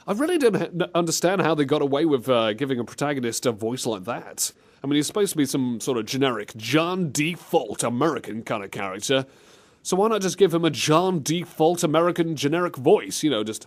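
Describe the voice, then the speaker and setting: A man's voice: mid-range voice, brisk. A man hosting a gaming comedy show, his voice bouncing all over the place as he jokes. He talks in a loose, teasing way, often slipping into silly voices. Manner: jokey, lively, breaks into silly voices. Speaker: podcast co-host. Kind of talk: comedic game-review chat.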